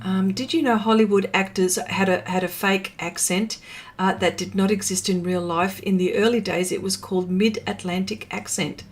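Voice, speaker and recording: A woman's voice: medium pitch, fairly even intonation, moderate pace. An Australian woman hosting a live art stream, chatting casually and reading out viewer comments, with many fillers and small laughs.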